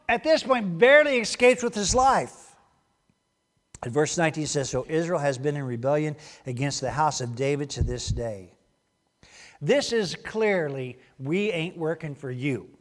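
A man preaching a sermon in a church, acting out quotes loudly and then dropping to quiet asides. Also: high voice. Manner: animated, acts out quotes loudly, then drops to a hushed aside. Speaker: pastor.

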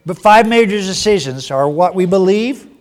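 A male pastor gives a sermon and tells a tale in a folksy, down-home manner. His voice is fairly high, and he shifts pitch a lot as he narrates. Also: expressive, normal speed.

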